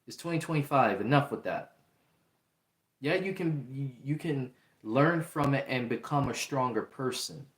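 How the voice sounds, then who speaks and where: A young man hosting a livestream, talking in an earnest, repetitive way and reading out chat comments. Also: mid-range voice. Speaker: livestream host. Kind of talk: casual livestream talk. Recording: roomy echo.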